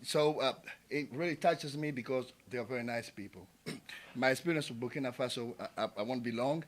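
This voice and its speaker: A man's voice: medium pitch, a little fast. A man from Ivory Coast, giving an impassioned tribute speech at a community event and building to emphatic, repeated calls. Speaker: community speaker. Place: small cafe event space.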